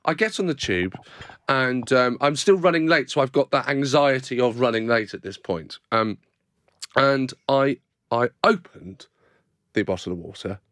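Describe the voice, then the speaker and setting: A man's voice: mid-range voice, normal speed, no echo. A man, co-hosting a podcast in a studio, telling an anecdote in casual chat and acting out the people in it. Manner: animated storyteller acting out other people. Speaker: podcast co-host.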